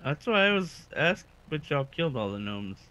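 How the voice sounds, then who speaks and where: Bright-voiced wisecracking man at the table. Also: fairly high pitch, big pitch swings, normal speed. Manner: wisecracking, teasing. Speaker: player. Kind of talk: casual tabletop game banter.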